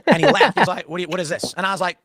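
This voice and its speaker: Animated man telling a story. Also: sits high, rapid-fire, husky, dry recording. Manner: animated, acts out dialogue with shifting voices. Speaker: podcast host telling a story.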